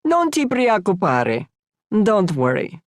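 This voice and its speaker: A woman voicing a middle-aged Italian man with an Italian accent who speaks calm, broken English. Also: mid-range voice, slow, no echo, voice pushed up. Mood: reassuring.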